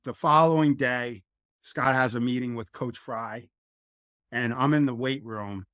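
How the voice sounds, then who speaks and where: A middle-aged man from New Jersey, a former college football lineman, telling stories as a guest in a casual interview, lively, acting out quotes. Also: medium pitch, measured pace, clear, resonant tone, no echo, clean studio sound. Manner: animated, acts out quotes.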